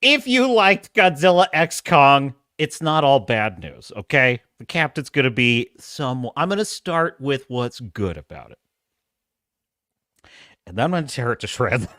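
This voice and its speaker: A man's voice: medium pitch, animated, unhurried, pushed and bright, dry recording, studio quality. A man hosting a casual live stream, talking animatedly and laughing often as he reads viewer chat aloud. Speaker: host.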